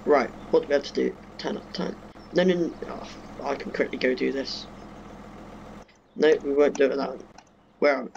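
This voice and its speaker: In his bedroom at home, a young gaming YouTuber plays a farming game, offering casual let's-play chatter and self-mocking remarks to viewers. He has a gravelly, slightly mellow mid-range voice at normal speed and pauses often, with the highs cut off and a little hiss or hum.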